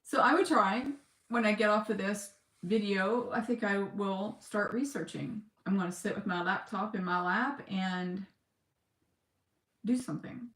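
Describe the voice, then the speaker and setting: Slow, tearful woman vlogger, echoey room. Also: mid-range voice, a bit bright. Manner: slow, halting, emotional talk with sighs and pauses. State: close to tears. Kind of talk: personal video diary.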